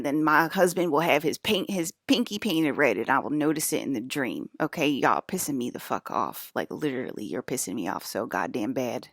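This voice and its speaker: A woman's voice: a bass voice, lively intonation, normal speed, few pauses, husky, dry recording, studio quality. A young adult woman rambling through a profane, agitated vlog monologue about her dreams, full of fillers and restarts. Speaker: vlogger.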